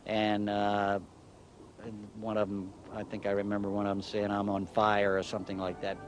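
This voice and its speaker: An older man, a former flight controller, recounting events in a halting documentary interview that often trails off quietly. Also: on the low side, completely flat delivery.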